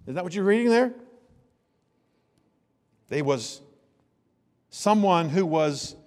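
High-voiced preacher in a reverberant hall. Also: male voice, lively intonation, takes it slowly, darkish tone. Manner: conversational preaching with rhetorical questions, rising to emphatic bursts. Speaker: pastor. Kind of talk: sermon.

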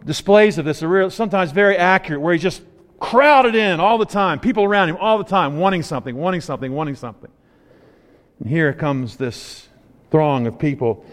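A man preaching a sermon in a conversational, playful storytelling way, acting out characters' lines in quick asides. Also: on the high side, long reverb tail.

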